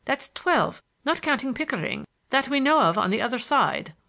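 A woman's voice: sits high, sing-song, normal speed, creaky, bright, forceful tone, pitched above the performer's own voice, full character voice. A woman voicing a boisterous, mocking young man in a storybook reading. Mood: amused. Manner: boisterous, taunting.

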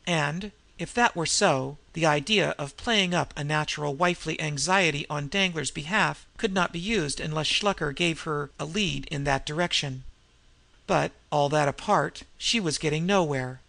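A male audiobook narrator with a gravelly, bright-toned voice, telling the story in a measured, even way. The recording is dry and close. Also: fairly high pitch, dry recording.

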